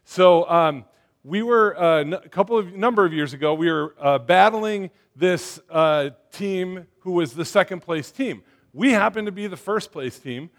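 A man giving a casual sermon to his congregation, talking conversationally with lots of fillers and getting them to shout back. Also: high-pitched, a little slow. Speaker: church speaker.

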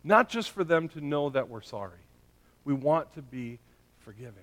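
A man's voice: on the high side, animated, normal speed, fairly bright tone. A male pastor preaching a sermon in a conversational way, often checking in with his listeners by asking "right?" and "okay?".

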